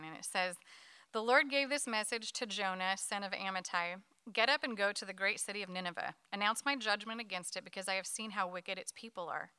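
A woman leading a Bible study, reading a scripture passage aloud to her group at a quick pace. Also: mid-range voice, clean tone, dry recording. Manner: quick, lively reading with light laughs.

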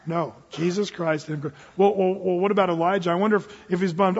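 A male pastor preaching a sermon in a lively, animated way, acting out Bible figures in quick asides. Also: high-pitched, slightly rough. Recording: lo-fi sound in a hall with long reverb.

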